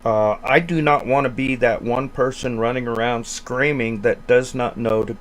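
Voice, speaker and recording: A man's voice: mid-range voice, steady tone, moderate pace. A man who works as an emergency communications officer, giving earnest, urgent advice in a casual group discussion on a live stream.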